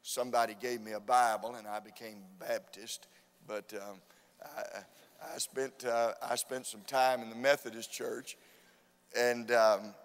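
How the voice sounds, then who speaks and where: A man preaching a revival sermon with fervent, repetitive emphasis that rises to loud urging. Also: medium pitch. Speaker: visiting preacher. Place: church sanctuary. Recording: long church hall reverb.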